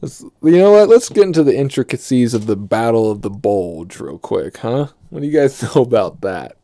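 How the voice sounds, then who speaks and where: A man's voice: medium pitch, very animated, moderate pace, warm tone, no room sound. A young man riffing through a profane comedic monologue, swearing freely and laughing at his own jokes.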